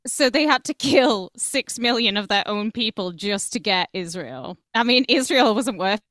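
A woman co-hosting a podcast, chatting casually and dropping in quick sardonic remarks. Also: mid-range voice, lively intonation, fairly bright tone, dry recording, clean studio sound. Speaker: podcast co-host. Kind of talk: casual chat.

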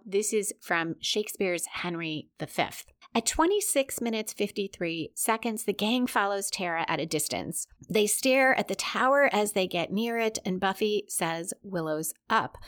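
A woman's voice: medium pitch, a bit bright. A woman recapping a TV episode scene by scene, reading out timestamps and adding brief asides. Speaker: podcast host.

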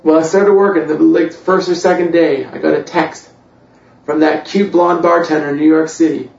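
In a church hall, a worship director from Canada tells his faith story humorously, poking fun at himself and filling his speech with fillers. His voice is on the high side and a little mellow, with fairly even intonation, vocal fry and a normal pace. The recording is echoey, distant and dull.

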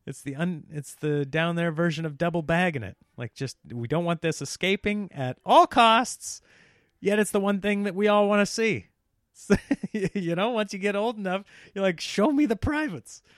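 Man with a higher voice, dry close sound. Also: moderate pace, no room sound. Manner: rambling, joking, animated. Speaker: podcast host. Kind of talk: solo comedic podcast monologue.

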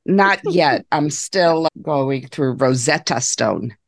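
Deep, gravelly woman with deadpan jokes. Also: slow, no echo, clean studio sound. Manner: deadpan joking. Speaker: podcast co-host. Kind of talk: casual book-club chat.

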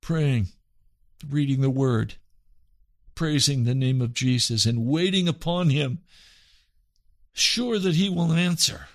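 Radio pastor: a man with a gravelly, dry-sounding voice, earnest and pleading, speaking as in a sermon. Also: mid-range voice, takes it slowly, long pauses, no room sound. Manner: earnest, pleading, repeats phrases.

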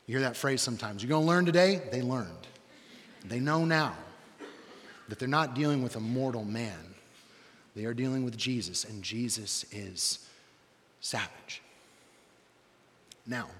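A male preacher giving a conversational sermon, leaning on "like" and dropping to a hush for emphasis. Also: mid-range voice, in a large hall. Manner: conversational, lots of "like", dramatic drops to quiet.

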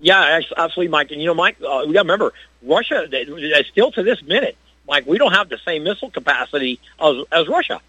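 A male radio caller who talks fast and rambles, his voice husky and bright. He keeps repeating the host's name. The line sounds dry and dull. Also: on the high side, expressive, no room sound. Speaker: phone-in caller.

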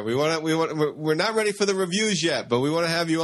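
A man's voice: fairly high pitch, lively intonation, very fast, no room sound, clean studio sound. A man co-hosting a casual podcast, goofy and joking as he reads a listener review. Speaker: podcast co-host.

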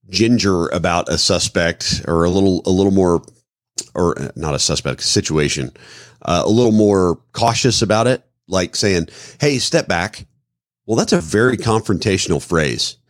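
Midwest guy on a podcast, real deep low voice, dry close mic, walks through examples. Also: no room sound. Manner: thoughtful, explains with acted-out example phrases. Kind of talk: casual podcast talk.

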